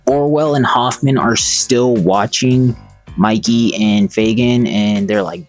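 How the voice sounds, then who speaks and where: A man's voice: mid-range voice, slow pace, faint music behind. Profane, joking male comic reviewer. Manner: profane, jokey and rambling. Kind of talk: casual commentary.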